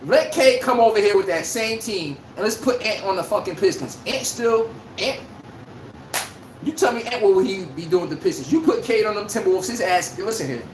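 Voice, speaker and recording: Male livestream sports host, loud and profane, speech, echoey room, faint background noise. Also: high-pitched, fairly quick. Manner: animated, profane, trash-talking. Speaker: podcast host. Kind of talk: casual sports commentary livestream.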